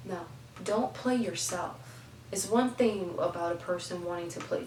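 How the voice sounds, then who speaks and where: A woman's voice: on the low side, moderate pace, darkish tone, roomy sound, distant mic, a little hiss or hum, poor audio. A young woman giving heartfelt life advice in an emphatic way, repeating phrases for stress. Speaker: advice vlogger.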